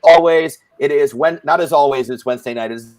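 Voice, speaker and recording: A man's voice: a little high, fairly quick, a little mellow, dry recording. A man hosting and moderating a live support group panel in a playful, rambling, jokey way.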